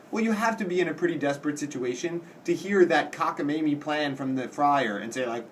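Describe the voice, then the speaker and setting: A man giving a casual lecture as a teacher, explaining in plain words and reading quoted lines slowly with dramatic weight. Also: fairly high pitch, far from the mic, slight background noise. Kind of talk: casual classroom-style lecture.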